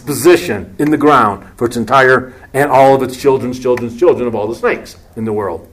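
Animated man teaching scripture. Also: mid-range voice. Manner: conversational, joking asides. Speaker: Bible teacher. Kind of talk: humorous Bible teaching.

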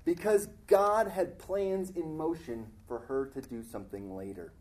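A man preaching a sermon, retelling a Bible story in a conversational, animated way. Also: fairly high pitch, unhurried, slight background noise.

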